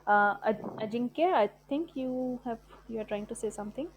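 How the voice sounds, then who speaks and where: A woman's voice: a little high, normal speed, a little hiss or hum, low-quality recording. A woman, giving a patient, filler-heavy talk in an online group session. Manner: explains patiently with many fillers and tag questions. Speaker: session speaker on business analysis.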